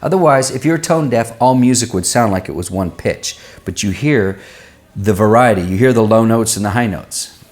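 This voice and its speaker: A man working as a vocal coach, answering viewers' singing questions and demonstrating vowels and pitches with his own voice. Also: moderate pace, darkish tone. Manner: explanatory, uses everyday comparisons.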